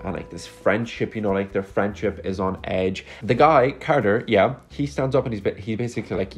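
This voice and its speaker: A man's voice: lowish voice, fairly quick, hardly any pauses. A man giving a casual, rambling and sarcastic movie review into a phone mic at home. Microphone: phone microphone.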